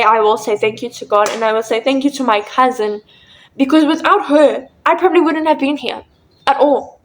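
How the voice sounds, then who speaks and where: A woman with a fairly high voice shares a painful personal story on her own show. She speaks earnestly and with emotion, often softly. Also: rough recording. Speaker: podcast host.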